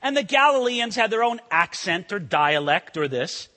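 A man preaching a sermon, swinging between loud emphasis and hushed intensity. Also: high voice, big pitch swings, moderate pace, in a large hall. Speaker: pastor.

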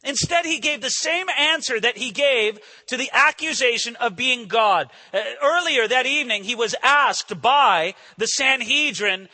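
A man preaching an expository sermon, animated and emphatic, asking the listeners questions. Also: very high voice, unhurried, hardly any pauses. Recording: long hall reverb.

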